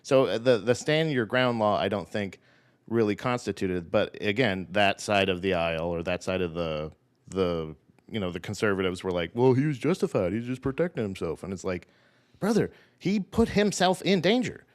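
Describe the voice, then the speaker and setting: A man's voice: low voice, lively intonation, normal speed, clear, resonant tone. A man co-hosting a podcast in casual chat. He talks in a heated, rambling way and swears a lot. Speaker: podcast co-host.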